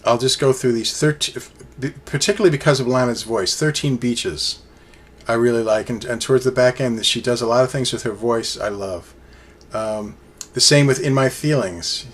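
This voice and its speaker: A man's voice: medium pitch, moderate pace. A man casually reviewing an album on his own, rambling enthusiastically with many fillers and restarts. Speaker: music reviewer.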